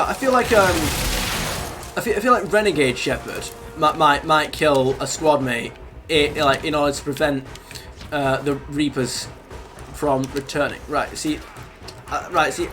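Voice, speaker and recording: A young man streaming a game, chatting casually in a rambling, halting way. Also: fairly high pitch. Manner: rambling, halting, talks over gameplay. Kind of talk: casual gaming stream chat. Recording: noisy background.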